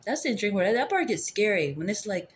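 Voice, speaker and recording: Fast and sing-song, the medium-pitched voice belongs to an adult tarot reader rambling through a casual spiritual reading on a phone camera. The reader circles back to beloved phrases, with slight background noise behind.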